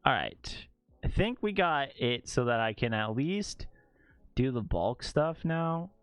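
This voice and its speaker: A man's voice: medium pitch, very animated, slow pace, a bit bright, clean tone, no room sound, faint music behind. A man streaming, chatting casually while editing photos, joking and laughing often.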